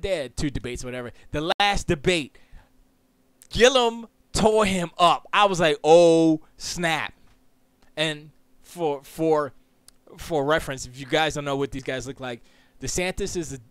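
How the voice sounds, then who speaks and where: A man hosting a casual solo podcast, talking in an animated, rambling, jokey way full of quick asides. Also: a little high, clean tone, dry recording. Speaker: podcast host. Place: Florida. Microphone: close studio mic.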